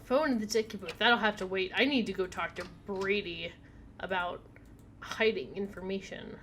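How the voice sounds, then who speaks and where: A woman's voice: mid-range voice, normal speed, a bit bright, slight background noise. A woman streaming a video game at home, chatting casually, reading text aloud and talking to her cat. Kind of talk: casual live gameplay commentary.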